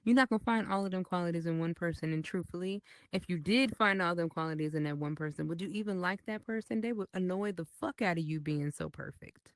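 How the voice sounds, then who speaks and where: A woman in her thirties, a podcast guest in casual chat, telling stories in an animated, profane way. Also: fairly low pitch, fast talker, few pauses, dry recording, studio quality.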